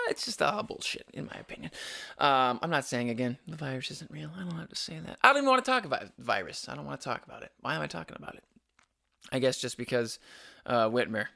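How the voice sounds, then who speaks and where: A man's voice: medium pitch, sing-song, fast, vocal fry, sharp tone. A young adult man hosting a casual solo podcast, rambling and opinionated with frequent restarts. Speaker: podcast host.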